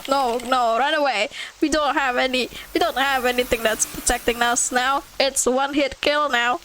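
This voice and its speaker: A woman streaming a horror game playthrough, reacting excitably with swearing and laughter. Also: sits high, normal speed, a little hiss or hum, low-quality recording.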